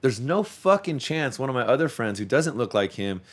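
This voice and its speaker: A man's voice: mid-range voice, big pitch swings, moderate pace. A man hosting a podcast, talking in a rambling, profane casual chat and repeating words as he restarts his sentences. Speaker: podcast host; youth sports coach.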